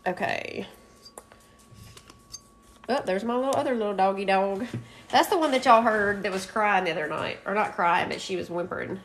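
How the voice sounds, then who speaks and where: Woman, mid pitch, rambling live-stream crafter who laughs a lot, faint noise behind. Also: normal speed, pauses often. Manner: rambling, chatty, often laughing. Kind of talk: casual live stream chat.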